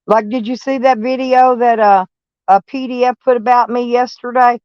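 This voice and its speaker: A woman's voice: on the high side, fairly even intonation, normal speed, smooth, no room sound. Blunt drawling woman. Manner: blunt, drawling, repeats herself. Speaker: van life vlogger. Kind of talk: casual live-stream chat. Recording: dull lo-fi sound.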